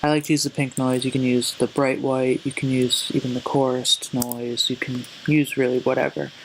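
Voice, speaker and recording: Flat-voiced man walking through a synth tutorial. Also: mid-range voice, moderate pace, a little hiss or hum, rough recording. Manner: relaxed, hesitant, corrects himself mid-step. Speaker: music production tutor. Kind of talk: casual screen-recorded tutorial. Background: faint synth sounds.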